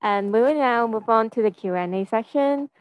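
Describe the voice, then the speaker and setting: Female event host, clear smooth voice, polite slightly halting manner, muffled dry recording. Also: fairly high pitch, no echo. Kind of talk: hosting a campus event.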